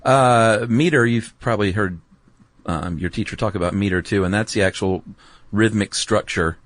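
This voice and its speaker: Deep-voiced laid-back male podcast co-host. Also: moderate pace, no echo. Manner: laid-back, meandering, hesitant with ums and asides. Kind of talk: casual explanatory chat.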